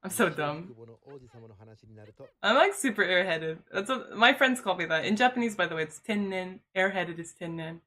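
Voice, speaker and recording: Speaking at a moderate pace in a fairly low, expressive, slightly bright voice, a woman streamer shares a personal story during casual chat. Her talk is loose and full of fillers, "like" above all, with plenty of "you know" too.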